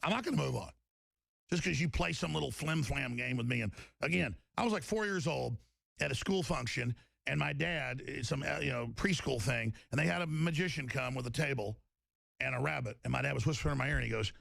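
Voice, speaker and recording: Man, talk-radio host, very gravelly, dry close studio sound, emphatic and rambling. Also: mid-range voice, expressive, a little fast, fairly bright tone, no room sound. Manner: emphatic, rambling, repeats himself. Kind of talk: impassioned talk-radio monologue.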